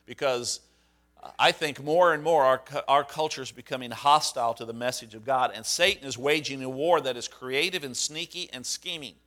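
A man's voice: on the high side, bright, forceful tone. A man, a pastor, preaching a sermon in a conversational, storytelling way with fillers and restarts.

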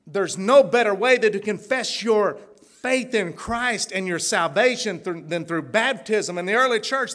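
A man delivers a testimony sermon in a folksy, storytelling way. His voice sits fairly high for a man, and he swings between hushed asides and fervent, ringing peaks. He laughs often along the way. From Tulsa, Oklahoma. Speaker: preacher.

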